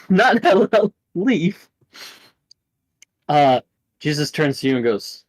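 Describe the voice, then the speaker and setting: A man's voice: fairly high pitch, big pitch swings, takes it slowly, pauses often, no echo. A man running a tabletop game as game master, narrating playfully between laughs.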